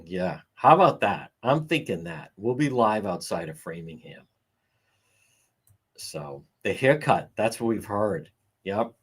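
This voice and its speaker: A man's voice: unhurried, husky. A middle-aged man hosting a casual livestream, answering chat comments in a sarcastic, wry way and chuckling now and then. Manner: sarcastic, wry, chuckling, animated swings in pitch. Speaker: livestream host.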